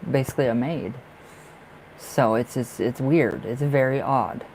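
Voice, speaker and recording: A man gives a live tarot reading for viewers in a rough, gravelly, mid-range voice that's unhurried and a little mellow. He rambles emphatically, circles back on himself, leans heavily on fillers, and swears bluntly. The recording is rough, with a faint hiss beneath him.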